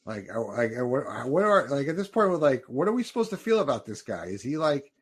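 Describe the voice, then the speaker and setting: Man, husky voice, low pitch, lively intonation, casual watch-along chatter. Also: fairly quick. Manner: loose, chatty reactions to the film on screen. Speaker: podcast host.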